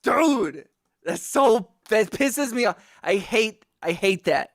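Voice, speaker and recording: A man's voice: high-pitched, animated, takes it slowly, dry recording, clean studio sound. Man venting on his livestream. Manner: frustrated ranting, heavy swearing, self-mocking. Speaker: livestreaming music producer. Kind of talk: casual livestream chat to viewers. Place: home music studio. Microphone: close broadcast microphone.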